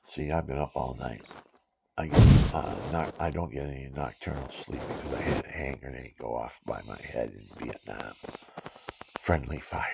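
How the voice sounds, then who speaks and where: A veteran in his seventies speaks his mind in a rambling, digressive monologue, chuckling at his own asides. His voice is extremely low, creaky and dark in tone, with slight background noise behind it.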